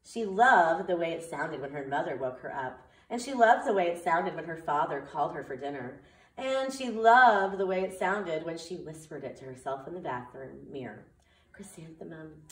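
Reading a story and running circle time remotely, a female preschool teacher addresses small children in a slow, clear, sing-song voice. She has a low voice, and the audio is reverberant, captured from a distant mic.

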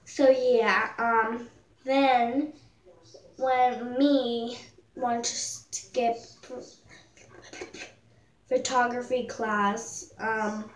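A woman's voice: on the high side, far from the mic. A teenage girl telling a story in a casual, rambling vlog, full of fillers and little jokes. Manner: rambling, filler-heavy, jokey. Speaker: vlogger. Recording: echoey room, voice a bit off-mic.

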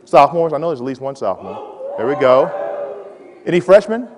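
A man in his forties giving a playful, animated motivational talk to students and calling out to the audience. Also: mid-range voice, brisk, a crowd in the background. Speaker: college president giving a talk. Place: large hall with a live audience. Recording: hall reverb.

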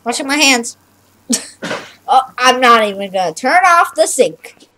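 Young woman, high voice, bouncy pitch, unhurried, playful game chatter. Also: lively intonation, bright, forceful tone. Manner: playful, silly, narrates her own actions. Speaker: channel host playing a game. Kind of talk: casual gameplay chat.

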